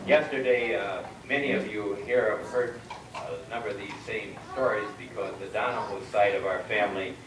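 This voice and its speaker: A man emcees a family reunion, spinning long jokes at an unhurried pace and drawing out each punchline. His voice sits on the low side. He is heard from a distance in a roomy hall with faint noise. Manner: measured storyteller, drawn-out punchlines. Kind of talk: joke telling to a crowd.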